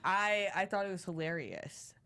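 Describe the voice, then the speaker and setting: A woman's voice: fairly low pitch, moderate pace, fairly bright tone, clean tone. A woman co-hosting a TV review show, talking about sketches in an upbeat, enthusiastic way. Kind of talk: casual review chat.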